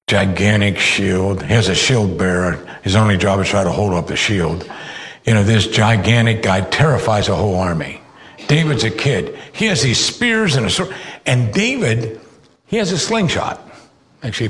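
A man preaching a sermon, telling Bible stories with animated delivery and rising sharply when he quotes the characters. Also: lowish voice.

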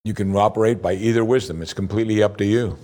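A man preaching a sermon as pastor, reading scripture slowly and rising in pitch as he presses his points. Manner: preaching, slow scripture reading with lively rises.

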